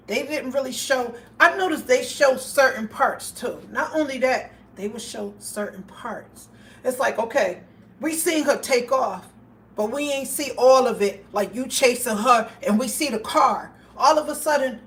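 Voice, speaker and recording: This livestream host, a woman with a high-sitting voice, talks a little slowly and is recorded from a distance, slightly off mic against faint background noise. Over a phone, she speaks straight to her viewers and tells her stories with emphasis.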